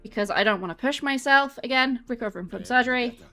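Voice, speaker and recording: Bright-voiced English woman streamer. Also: a little high, quick pace, faint music behind. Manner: chatty and rambling, talks to chat while walking. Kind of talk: casual livestream chat. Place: home, on a treadmill.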